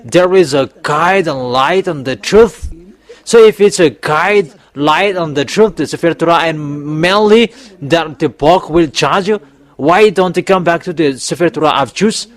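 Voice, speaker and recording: A man's voice: a little high, a little slow. A male preacher giving a sermon in non-native English, emphatic and repetitive, with sudden raised bursts. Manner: speaks English as a second language, with non-native grammar.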